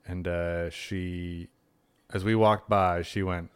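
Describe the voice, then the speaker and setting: A man's voice: slow, clear, resonant tone. A young man, a stand-up comedian telling a story in a casual podcast chat. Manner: animated, jumps into high-pitched voices when quoting people.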